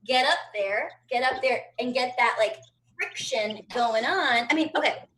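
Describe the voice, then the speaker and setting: A woman's voice: on the high side, measured pace, a bit bright, rough recording. A woman in her thirties doing a brash, profane stand-up routine from home over a video call. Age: 30s. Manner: brash, profane, chatty storytelling. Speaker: stand-up comedian.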